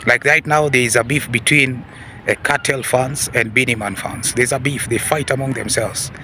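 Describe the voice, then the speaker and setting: A man hosting a casual commentary talk, repeating himself and often calling out "ladies and gentlemen" with questioning hmms and huhs. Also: mid-range voice, steady tone, moderate pace, slight background noise. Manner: repetitive, addresses audience as ladies and gentlemen; peppers talk with hmm and huh. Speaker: commentary channel host.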